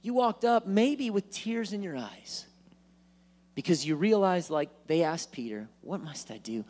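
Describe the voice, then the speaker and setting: A man preaching a sermon in church, animated, acting out worried voices and joking asides. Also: high voice, unhurried. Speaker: pastor. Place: church sanctuary.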